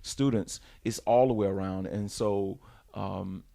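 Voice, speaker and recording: Deep, mellow-voiced male radio co-host. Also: steady tone, a little slow, vocal fry. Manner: rambling, restarts often, conversational. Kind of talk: casual radio talk. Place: radio studio.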